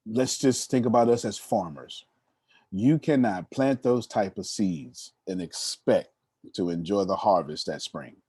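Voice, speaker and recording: A man in his thirties, a motivational speaker telling stories to an audience, animated and addressing the listeners directly with a teasing tone. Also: on the low side, measured pace, breathy edge, dry recording, clean studio sound. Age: 30s. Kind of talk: storytelling talk to an audience.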